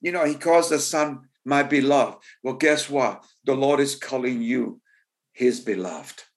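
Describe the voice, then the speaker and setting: A man's voice: mid-range voice, steady tone, unhurried. A man preaching a sermon with growing fervor. He repeats his phrases, stumbles into restarts and breaks into exclamations. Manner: repetitive, building fervor with exclamations.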